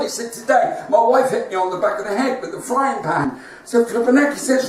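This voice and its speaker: A man's voice: extremely high pitch, expressive, brisk, hardly any pauses. A man hosting a comedy show, telling rambling anecdotal one-liner jokes. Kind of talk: stand-up joke telling. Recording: echoey, distant, faint noise.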